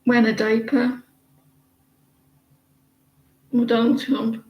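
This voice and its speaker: A woman's voice: on the high side, little pitch movement, takes it slowly, darkish tone, echoey room, low-quality recording. A British woman doing tarot readings and chatting in a rambling, gossipy way with lots of hesitations. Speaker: tarot reader. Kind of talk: casual live-stream chat.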